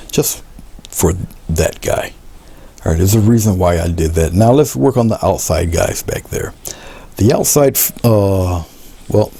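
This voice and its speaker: Low gravelly guy doing a painting lesson, mumbly and laid back, keeps repeating little tips. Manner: relaxed, talks while painting, often trails to a murmur; repeats short coaching phrases. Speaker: art instructor. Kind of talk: painting demonstration.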